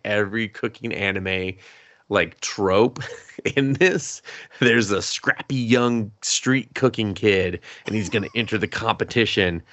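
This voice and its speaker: A man co-hosting a podcast, casually recapping an anime plot with quick voiced quotes and some swearing. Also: lowish voice, no room sound. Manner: animated retelling with quick voiced quotes and laughs. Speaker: podcast co-host.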